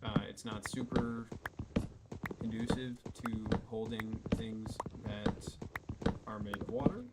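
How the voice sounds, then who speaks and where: A man's voice: lowish voice, little pitch movement, takes it slowly, heavy background noise. A man giving casual gameplay commentary as the channel's host, rambling along with joking asides and lots of fillers.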